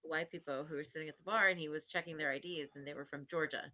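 A woman co-hosting a casual podcast, telling a story about her bar shift with plenty of laughs. She slips into little voices for the people she describes. Her tone is bright and forceful, sitting a bit low for a woman. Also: quick pace. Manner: animated storyteller, acts out voices, laughs often. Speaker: podcast co-host; bartender.

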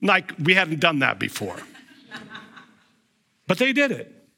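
A man's voice: sits high, slow pace, vocal fry. A man preaching a storytelling sermon, acting out the voices of the people in his stories. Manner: animated, acts out voices in retold scenes. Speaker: pastor.

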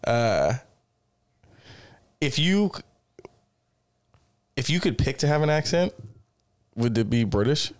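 A man's voice: medium pitch, lively intonation, slow, pauses often. A man co-hosting a casual chat podcast, blunt and profane with a joking manner. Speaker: podcast co-host.

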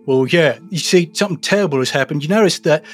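A man's voice: a little high, quick pace, faint music behind, pitched above the performer's own voice, lightly acted. A man voicing a folksy male blacksmith with a rural drawl during improvised tabletop role-play. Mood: peeved. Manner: rural drawl, ain't and done got.

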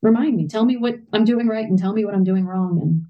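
A woman's voice: medium pitch, a little fast, dull audio. A woman in her thirties, a parent and podcast guest, speaking reflectively in a candid interview, often saying "you know.".

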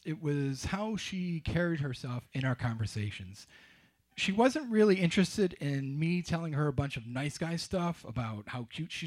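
A man telling a personal story to a live audience in a wry, confessional way with dry humor. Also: a little high.

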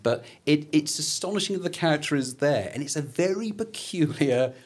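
A man chatting on a podcast, animated and jokey, acting out characters' lines in playful voices. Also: a little high, normal speed, breathy edge. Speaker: podcast guest. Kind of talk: casual chat.

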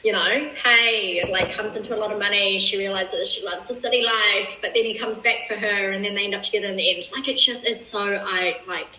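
Chatty woman with a bright, echoey sound. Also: mid-range voice, fairly even intonation, fairly quick, few pauses, recorded from a distance. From New Zealand. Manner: rambling, lots of "like" fillers. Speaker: podcast guest. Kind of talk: casual chat.

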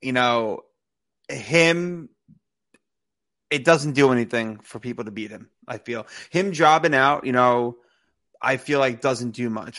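A man co-hosting a casual podcast, his voice sitting at an ordinary middle pitch. He talks in a loose, rambling way, circling his point with frequent fillers and restarts. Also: a bit bright. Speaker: podcast co-host. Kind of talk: casual wrestling podcast chat.

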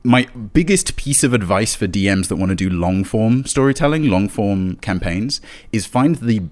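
A man with a fairly low voice, chatting as a guest on a podcast about running tabletop games. He talks in a loose, rambling way and breaks into laughter often. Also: lively intonation, moderate pace, a little mellow. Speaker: guest, dungeon master of a tabletop actual-play show. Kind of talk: casual podcast interview chat.

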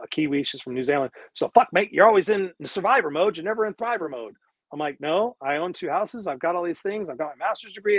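A raised, husky male voice delivers a motivational coach's live-streamed talk. He swears freely and hammers his points home with preachy repetition. The sound is dry and close, picked up by wireless earbuds. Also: fairly high pitch, dry recording. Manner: emphatic, profane, preachy repetition.

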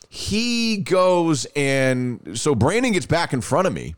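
A man, hosting a podcast and telling a story in a casual, animated way, laughing often and restarting phrases. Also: a little high, unhurried, few pauses, no echo, clean studio sound. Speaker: podcast host.

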